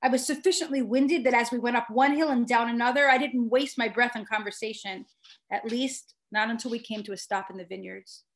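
A woman, the author, reading her own first-person fiction aloud with expressive storytelling. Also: on the high side, brisk.

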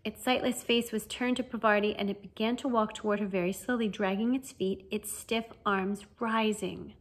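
A woman narrating a children's fantasy novel as an audiobook reader, with a lively, expressive reading. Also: medium pitch, normal speed. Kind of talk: storybook narration.

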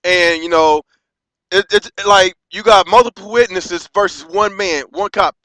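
American guy ranting on his vlog, fired up, stumbles and restarts a lot, bright tense voice. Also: high voice, no room sound. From United States. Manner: impassioned, halting, with profanity and many restarts. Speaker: vlogger. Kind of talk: heated vlog rant.

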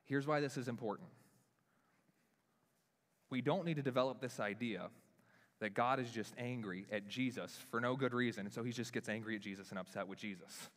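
A young man preaching from a church stage, loose and animated, with his pitch swinging up and down as he acts out the scene. His voice sits in a middle register. It carries the long, hanging reverb of a church sanctuary. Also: fairly quick, long pauses. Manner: animated, self-deprecating, talks with lively pitch swings. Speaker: pastor. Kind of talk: sermon with live stage demonstration. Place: church hall.

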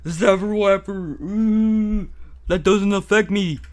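A man's voice: medium pitch, lively intonation, slow. A man voicing a grown man with a taser who taunts his victim in a mocking tone. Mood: gloating. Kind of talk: voiced game role-play.

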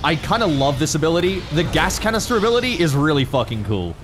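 A man with an Australian accent giving excitable, casual commentary while playing a strategy game, swearing freely and yelling at his units. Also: fairly high pitch, fast, background noise. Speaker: gaming streamer. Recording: commentary over game audio with music.

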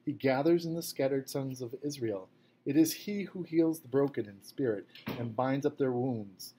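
A man's voice: mid-range voice, normal speed, warm tone, slightly rough, natural voice, poor audio. A man voicing a young man who reads a psalm aloud in a strong, solemn voice.

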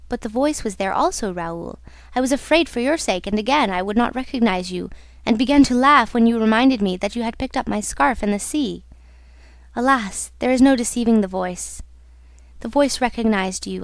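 A woman's voice: on the high side, no echo, natural voice. A woman reading the part of a young woman singer, telling her love her story in an intimate, earnest way. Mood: anxious.

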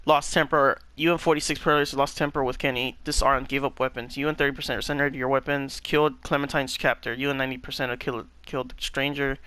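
Bright-voiced young man swearing through a playthrough. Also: medium pitch, little pitch movement, quick pace, few pauses, clean tone. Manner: emotional, swears constantly, reads on-screen text aloud. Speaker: gaming channel host. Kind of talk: game playthrough reaction.

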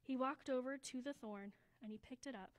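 A woman reading a children's story aloud at a church service, slowing down for emphasis and dropping to a hush. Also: high voice, rough recording. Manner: expressive, slows down for emphasis, drops to a hushed voice.

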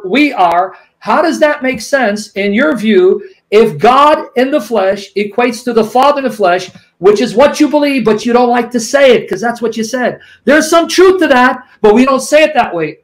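A man arguing in a live debate, combative and rapid-fire, quoting passages from memory and pressing his opponent. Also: high-pitched, rough recording. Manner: quotes scripture from memory.

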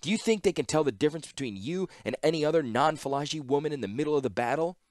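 A man's voice: fairly high pitch, animated, quick pace, no room sound, studio quality, pitched above the performer's own voice, lightly acted. A man voicing a stern, tense male inventor's apprentice who speaks in terse, urgent lines in an audiobook-style fantasy reading.

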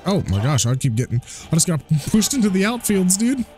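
A man hosting a let's play, commentating excitedly and trash-talking the enemies. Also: sits high, brisk. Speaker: gaming channel host. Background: game music.

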